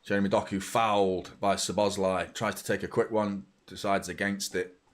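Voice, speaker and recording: A man's voice: on the low side, little pitch movement, moderate pace. A man hosting a live football watchalong, mixing blunt, sweary fan chatter with play-by-play. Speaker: fan channel host. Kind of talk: live match watchalong commentary.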